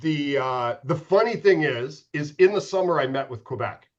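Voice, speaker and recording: A man's voice: fairly high pitch, animated, normal speed, muffled recording. A middle-aged man, a former pro goalie, telling candid, profane stories as a podcast guest. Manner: profane, candid, self-mocking. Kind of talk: casual storytelling.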